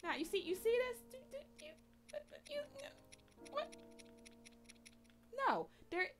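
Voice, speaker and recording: Animated woman streamer, lively pitch. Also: slow, over music. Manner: animated, talks back to the game and chat, laughs often. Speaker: game streamer. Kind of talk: casual live gameplay commentary.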